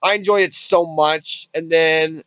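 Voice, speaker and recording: A man's voice: on the high side, steady tone, measured pace, a bit bright, clear, resonant tone, no echo. A man casually retelling a movie's plot as a reviewer, rambling with restarts and swearing freely. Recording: dull lo-fi dry recording.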